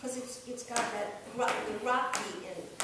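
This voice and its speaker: A woman vocal coach with a high voice gives encouraging, demonstrative directions and sometimes sings a line to show how. She is recorded from a distance in a very echoey room. A steady noise sits behind her. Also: moderate pace. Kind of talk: singing lesson coaching.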